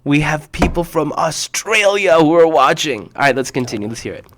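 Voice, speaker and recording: Guy hosting a kids show, kinda high voice, super hyped, repeats the punchline slow. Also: lively intonation, fairly bright tone. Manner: enthusiastic, exclaiming, repeats punchlines slowly. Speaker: host of a kids' show. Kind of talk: casual live chat reacting to viewers' jokes.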